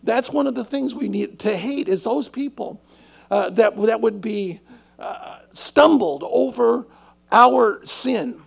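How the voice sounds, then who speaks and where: Gravelly high-voiced male pastor preaching. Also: slow pace. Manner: earnest, emphatic preaching; rhetorical questions to the congregation. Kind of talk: sermon.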